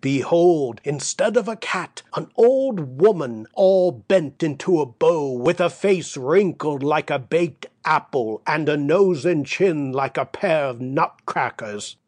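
Slow, measured male storyteller. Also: on the high side, expressive, darkish tone, dry recording. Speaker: audiobook narrator. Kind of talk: scripted narration of a classic tale.

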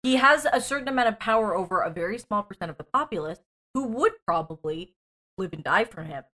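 A woman in casual political chat, reasoning through her points in a measured way. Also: mid-range voice, animated, sharp tone. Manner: measured, reasoning aloud, laughs lightly.

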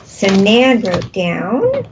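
A woman's voice: mid-range voice, huge pitch swings, extremely slow, lo-fi sound, heavy background noise. A woman leading a guided energy healing session, soothing and repeating breathing cues, laughing often. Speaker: energy healer.

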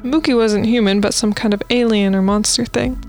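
High-voiced woman reading spooky stories. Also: steady tone, fairly quick, a little mellow, faint music behind. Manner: reads posts aloud with playful asides and laughs. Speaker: podcast co-host reading listener stories. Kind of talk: casual podcast chat, reading stories aloud.

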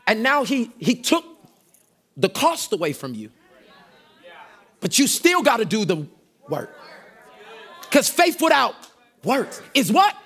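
A middle-aged man, a pastor preaching a sermon energetically, shouting call-and-response lines to his congregation. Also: extremely high pitch, wildly swooping pitch, slow pace, pauses often.

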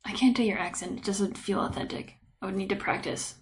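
A woman's voice: mid-range voice, a little fast. A woman co-hosting a podcast, chatting casually with playful, rambling musings. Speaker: podcast co-host. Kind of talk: casual chat.

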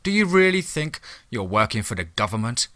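A man voicing the devil as a smooth, seductive woman in a spoken horror story, teasing and sly. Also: medium pitch, very animated, fairly quick, sharp tone, dry recording, studio quality.

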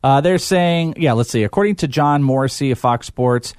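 A man's voice: medium pitch, normal speed, a little mellow, dry recording, clean studio sound. A man hosting a casual sports chat, rambling and hesitant with lots of fillers. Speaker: podcast host.

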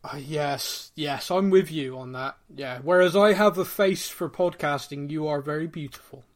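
A man hosts a podcast with a fairly high voice. He chats casually, teases his co-host and laughs easily. His delivery stays light and playful. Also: moderate pace. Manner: teasing, jokey, laughs often. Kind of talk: casual chat.

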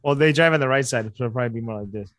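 A man co-hosting a comedy podcast, pitching absurd ideas in casual chat. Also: rapid-fire, fairly bright tone, dry recording, studio quality. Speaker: podcast co-host.

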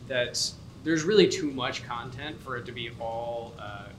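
A man's voice: mid-range voice, a little slow, crowd noise. A man on a podcast, talking things through with many fillers. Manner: thoughtful, lots of fillers like you know and um. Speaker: podcast co-host. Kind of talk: casual podcast discussion. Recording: noisy podcast recording.

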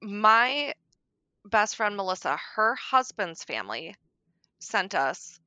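Middle-aged woman guest, bright tone, dry close sound, candid with dark humor. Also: medium pitch, very animated, slow pace, dry recording. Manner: frank, darkly joking, soft-spoken at times. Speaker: podcast guest. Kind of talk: candid conversation about grief.

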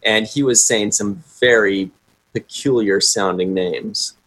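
Husky-voiced excited male fan. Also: on the low side, slow pace. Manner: enthusiastic, self-described nerd, rambling. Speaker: podcast co-host. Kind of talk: casual chat.

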